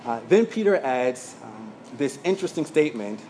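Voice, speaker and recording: A man teaching a sermon from his notes, speaking plainly with frequent fillers and quick asides. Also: mid-range voice, very animated, darkish tone, a little hiss or hum. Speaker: pastor.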